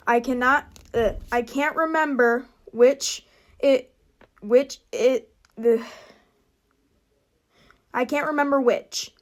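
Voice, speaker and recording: Slow-talking young woman reading a statement. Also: on the high side. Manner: stumbling, restarting lines, flustered asides. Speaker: vlogger. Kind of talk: reading a prepared statement to camera.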